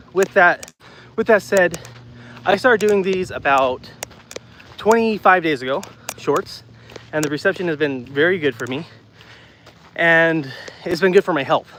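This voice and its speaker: Talking into just his phone mic with no external mic, a man on a walking livestream outdoors chats loosely with viewers and reads their live comments, out of breath and repeating himself. His voice is fairly high and a bit bright, with a little hiss or hum in the audio.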